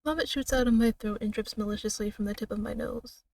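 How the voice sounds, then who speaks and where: Woman reading a game aloud dramatically, mellow tone. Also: on the high side, steady tone, no echo, far from the mic. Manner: slow, dramatic reading broken by laughs and asides. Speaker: streamer.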